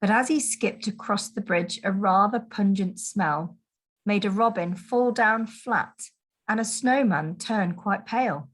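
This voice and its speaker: A woman teacher reading a Christmas picture book aloud to children, in a gentle, expressive storytelling manner. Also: mid-range voice, measured pace. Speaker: primary school teacher.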